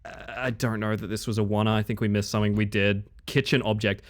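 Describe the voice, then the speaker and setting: A man's voice: lowish voice, brisk. A man streaming a horror game live, commenting casually, swearing freely and talking to his chat. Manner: animated, swears freely, chats with viewers.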